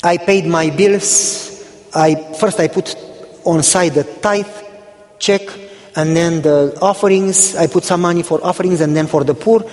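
Man from Romania, pastor, high voice, storytelling sermon, acts out dialogue, long hall reverb. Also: unhurried. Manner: animated storytelling, acting out dialogue.

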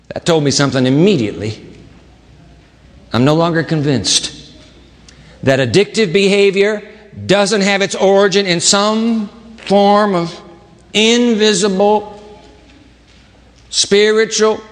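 A man preaching a sermon as pastor, dramatic, swinging between loud emphasis and hushed low asides. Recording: long reverb of a large hall.

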